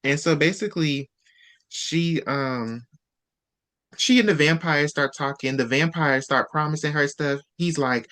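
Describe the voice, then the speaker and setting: Host, male, casual book chat; animated storyteller who acts out lines. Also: fairly high pitch, unhurried.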